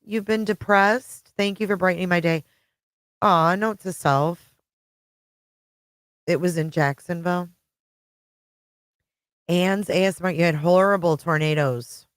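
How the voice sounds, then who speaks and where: Middle-aged woman, deep voice, friendly rambling livestream host, dry close sound. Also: unhurried, long pauses, clear, resonant tone, no room sound. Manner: chatty, greets viewers by name. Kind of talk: casual live-chat stream.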